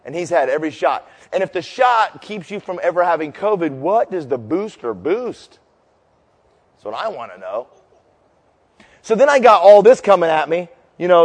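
A man preaching a sermon as pastor, telling stories loudly, shouting punchlines, then dropping low and slow to make his point. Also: animated, big-room sound. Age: 50s.

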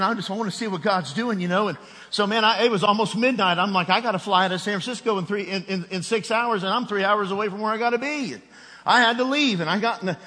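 A man's voice: high voice, pushed and bright, in a large hall. A middle-aged man preaching a sermon, telling a personal story with rising emotion and a raised voice at its peak.

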